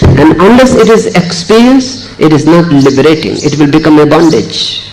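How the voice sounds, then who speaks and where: A middle-aged man giving a spiritual discourse, speaking in short, emphatic phrases with slow, deliberate pauses. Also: fairly high pitch, a little mellow, slight background noise, low-quality recording. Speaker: spiritual teacher.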